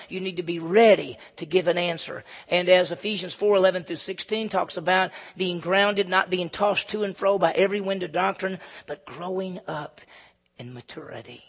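A man's voice: sits high, brisk. A man preaching a sermon as pastor, reading scripture aloud and explaining it, repeating phrases for emphasis. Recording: long hall reverb.

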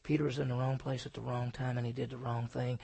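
A man preaching a sermon, swinging from loud emphatic lines to hushed, near-whispered ones and answering his own questions. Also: medium pitch, flat delivery, quick pace, creaky, slightly rough. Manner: asks the congregation questions and answers them himself. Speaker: pastor.

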